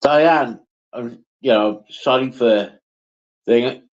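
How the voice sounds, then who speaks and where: A man talks to his viewers on a casual livestream at an unhurried, drawn-out pace, swearing freely as he answers them one by one. The sound is dull and lo-fi, as if caught on a phone. His pitch sits at an ordinary middle height. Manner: slow, sweary, chatty, answering comments by name. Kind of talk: casual live chat.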